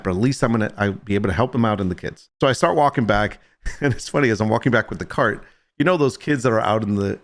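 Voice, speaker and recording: A middle-aged man streaming, telling a story to his chat in a rambling way, full of restarts and "I'm like". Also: on the low side. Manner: rambling, self-interrupting, lots of "I'm like".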